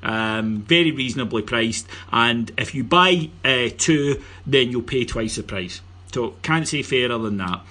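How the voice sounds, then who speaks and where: A man's voice: medium pitch, lively intonation, a little slow, pushed and bright. A Scottish man hosting a casual football podcast, joking and teasing his guests while plugging the show. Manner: jokey, teasing, plugs the show. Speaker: podcast host.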